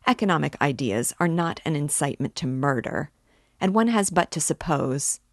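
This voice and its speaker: A woman reading the lines of a pompous, touchy gentleman suitor in a stiffly formal, supercilious manner. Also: low voice, animated, normal speed, no room sound, clean studio sound. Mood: indignant.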